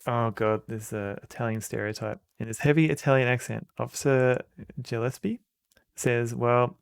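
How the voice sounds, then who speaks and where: An Australian man chats through a game stream, cracking jokes and reading dialogue aloud. His voice is mid-pitched with a gravelly edge. The sound is close and dry. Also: steady tone, normal speed, no room sound. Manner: joking, reads game text aloud. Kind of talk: casual let's-play commentary.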